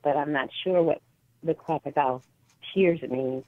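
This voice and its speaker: Hesitant woman caller with a low voice, thin phone-line sound. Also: measured pace, pauses often, dry recording. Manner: hesitant, full of fillers. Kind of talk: phone-in call.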